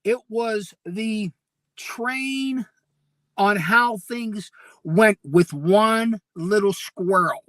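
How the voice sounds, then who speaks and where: Male co-host, bright forceful voice, lively storyteller who laughs a lot, dry close mic. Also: high-pitched, drawn-out words, no echo. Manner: animated storyteller, laughs often. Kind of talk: casual chat.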